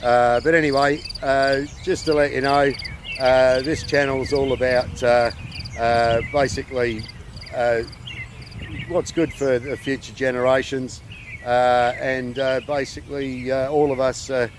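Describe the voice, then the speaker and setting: An Australian man in his fifties hosting his channel in casual, halting talk full of fillers, recorded outdoors. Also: medium pitch, flat delivery, background noise. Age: 50s. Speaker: channel host.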